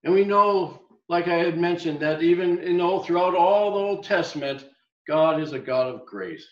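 A male preacher giving a sermon, reading scripture and dropping to a soft voice on key points. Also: a little high, lively intonation, normal speed, echoey room, muffled recording. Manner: expository, reads scripture aloud, drops softer on key points.

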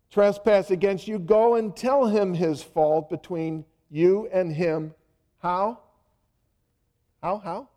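A man's voice: high voice, darkish tone. A male pastor giving a sermon in a conversational way, full of "you know" asides and words repeated for emphasis.

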